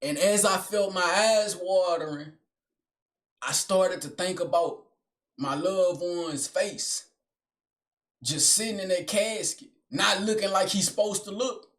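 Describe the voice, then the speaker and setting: A man's voice: high-pitched, takes it slowly, a bit bright. A young man telling a personal story in a casual, blunt, profane style full of slang, often calling the listener bro or gang.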